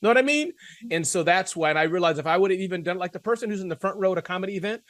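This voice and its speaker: Fast-talking animated male host. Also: high voice, dry recording. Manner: animated storyteller, self-deprecating jokes. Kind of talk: casual panel chat.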